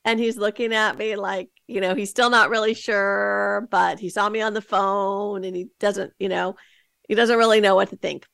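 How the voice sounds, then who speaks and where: Woman host chatting casually into a mic, lots of likes and you knows, gravelly fry, dead dry sound. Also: mid-range voice, fairly even intonation, moderate pace, fairly bright tone, dry recording. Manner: chatty, with many fillers and quoted asides. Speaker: podcast host. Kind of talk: casual storytelling monologue.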